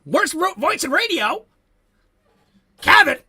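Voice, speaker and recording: Brief: smug male radio pundit, put on by a man, sneering, pitched well above his own voice. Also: sing-song, slow, bright, forceful tone, exaggerated voice. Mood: scoffing. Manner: mocking, exaggerated impression.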